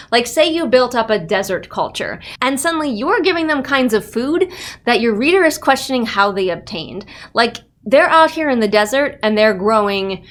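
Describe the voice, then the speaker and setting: A woman's voice: a little high, a bit bright. A woman hosting a writing-tips channel, talking casually to camera with lots of "like" and rhetorical questions. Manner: chatty, filler "like", rhetorical questions. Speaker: writing tips channel host and developmental editor. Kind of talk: casual tutorial talk to camera.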